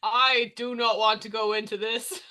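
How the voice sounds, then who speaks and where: Tabletop player, bright voice, playful and giggly. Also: medium pitch, level tone, a little slow. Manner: laughing, playful. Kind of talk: casual tabletop game chat.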